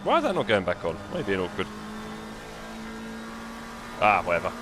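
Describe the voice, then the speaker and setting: A man's voice: deep voice, wildly swooping pitch, moderate pace, noisy background. A man, live-streaming a sim race with chatty, jokey commentary and muttering while he adjusts his car setup.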